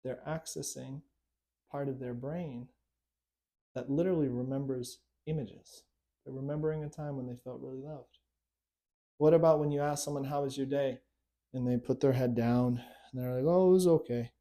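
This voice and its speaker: Mellow-voiced man coaching on hypnosis. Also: medium pitch, steady tone, moderate pace, long pauses. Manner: conversational, repeating tag questions like right and okay. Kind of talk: instructional talk to camera.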